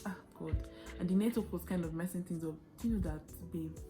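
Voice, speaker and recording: A young Nigerian woman telling a story on her vlog, animated and dramatic, with quick shifts of pace. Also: lowish voice, music in the background. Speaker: vlogger.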